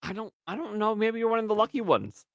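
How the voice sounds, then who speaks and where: A man's voice: high-pitched, lively intonation, quick pace, vocal fry, fairly bright tone, no room sound, studio quality. A man co-hosting a podcast in casual banter, crude and teasing, often slipping into mocking voices. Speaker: podcast co-host.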